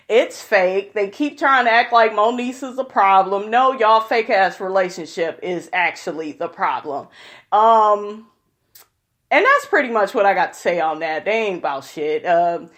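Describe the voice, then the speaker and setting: A young woman vlogging casual reality-TV commentary, blunt, profane and sassy, calling her viewers honey. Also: medium pitch.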